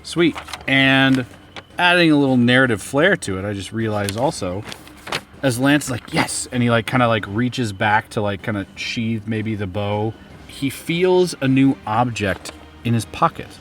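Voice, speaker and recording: A man playing a tabletop game, excitable and laughing often as he describes his character's moves. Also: medium pitch, moderate pace, a little hiss or hum. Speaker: player. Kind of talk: casual tabletop game play.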